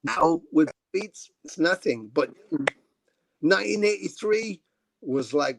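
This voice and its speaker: A middle-aged man tells long, rambling stories in a casual interview, with a slightly high voice and a very dry sound. He fills gaps with "uh" and "you know" and swears casually, speaking over a video call. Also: animated, a little slow, dry recording. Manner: rambling anecdotes, frequent fillers and casual swearing. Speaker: guest musician.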